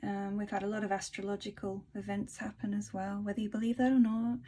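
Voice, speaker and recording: Woman vlogger, mid-height voice, gentle rambling delivery with frequent laughs. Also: medium pitch, flat delivery, fast talker. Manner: soft-spoken, rambling, laughs often. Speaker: spiritual vlogger. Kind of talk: casual spiritual talk and reading.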